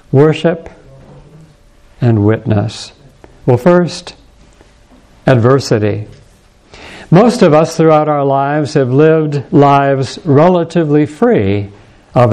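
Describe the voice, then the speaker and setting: A male pastor preaching a sermon and reading scripture aloud in a measured, deliberate way. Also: medium pitch, mellow.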